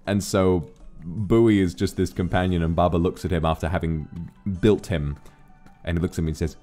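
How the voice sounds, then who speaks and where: A man chatting casually on a livestream, relaxed and a little drowsy, telling stories and thanking viewers. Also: sits low, normal speed. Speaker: streamer. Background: faint music.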